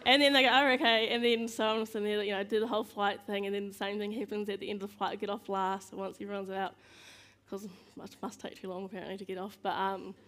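A chatty woman, speaking at a middle pitch in a relaxed, storytelling way. She pokes fun at herself, laughs often, and slips into quick voices for the people in her stories. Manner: acts out other people's lines in quick voices. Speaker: guest speaker. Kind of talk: casual storytelling speech.

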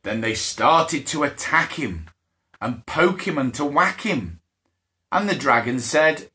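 A man's voice: medium pitch, animated, slow pace, pushed and bright. A man hosting a live-streamed bedtime story for small children, reading aloud playfully with laughs and put-on character voices. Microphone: phone or camera for a live stream.

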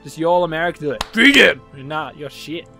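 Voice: mid-range voice, fairly even intonation, fast, faint music behind. A gaming channel host from Canada, chatting casually with friends while playing and groaning and swearing at the game. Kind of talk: casual gameplay chat with friends.

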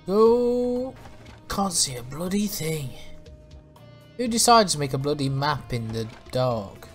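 A man's voice: a little high, very animated, slow pace, soft background music. Swearing man playing a game. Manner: swears a lot, laughs and yelps in panic. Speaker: gaming YouTuber. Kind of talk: let's play commentary.

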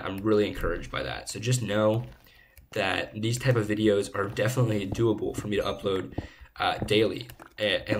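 A young man with a lowish voice rambles in a playful, chatty way while gaming. His cheap desk mic picks up clear hiss and noise. It sounds like a casual home recording. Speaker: gaming channel host. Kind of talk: casual chat while playing. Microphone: low-quality desk microphone. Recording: noisy low-quality home mic.

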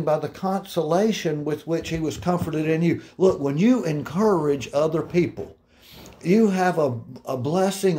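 A middle-aged male pastor delivers a sermon in a warm, mellow voice that sits a little high. He talks to the congregation earnestly and casually, full of restarts and personal asides. He slows right down to read scripture passages aloud.

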